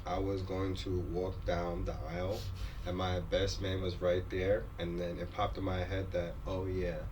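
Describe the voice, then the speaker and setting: A man's voice: low voice, completely flat delivery, moderate pace, a little mellow, far from the mic, a little hiss or hum. A man co-hosting a podcast in casual chat, playful and teasing, recorded in a studio. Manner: playful, teasing, laughs easily. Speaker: podcast co-host.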